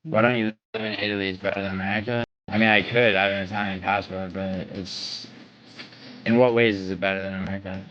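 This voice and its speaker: A man's voice: sits low, fairly even intonation, fast talker, a bit bright, highs cut off. A man hosting a livestream in casual chat with his viewers, brash and profane, trash-talking and bragging. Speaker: livestream host.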